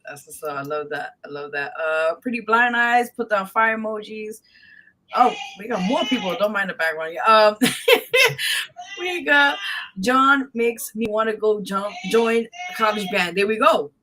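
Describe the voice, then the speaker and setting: A woman's voice: medium pitch, expressive, normal speed, sharp tone. A woman hosting a live radio show, reading out viewers' comments and laughing a lot. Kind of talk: casual live show chat.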